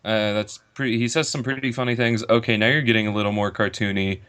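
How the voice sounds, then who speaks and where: A man chatting casually as a guest on an online podcast, ranting with animated impressions of characters. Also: fairly low pitch, fast, clean tone.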